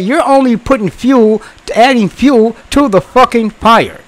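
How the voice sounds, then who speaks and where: A man's voice: extremely high pitch, expressive, unhurried, few pauses, poor audio. A man in his sixties who once worked in customer service, bluntly lecturing in a casual monologue, swearing and repeating himself. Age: 60s.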